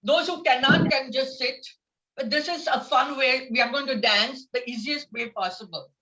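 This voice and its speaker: A woman with a bright, ringing tone guides a laughter yoga class, upbeat and coaxing, breaking into laughs as she goes. Her voice sits a little high. It comes through dull, lo-fi video call audio. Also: moderate pace.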